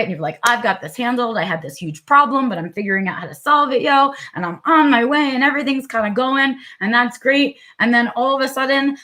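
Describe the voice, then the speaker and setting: A woman's voice: mid-range voice, a bit bright. A woman with a New York accent hosting a live vlog, talking candidly and unscripted, with plenty of fillers, swearing and acted-out inner monologue. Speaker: vlog host.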